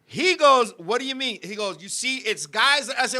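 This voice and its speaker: A man's voice: sits high, animated, normal speed, few pauses, sharp tone. A middle-aged man hosting a live-stream talk show, telling a story in a heated, profane way and talking to his co-host and viewers.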